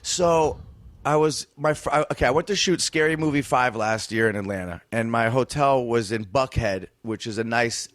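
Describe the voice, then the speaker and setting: A man guesting on a podcast spins a long anecdote, circling back and restarting his sentences and swearing casually. His voice sits at an ordinary middle pitch. The sound is dry and close. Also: normal speed, fairly bright tone, no room sound. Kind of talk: casual storytelling chat.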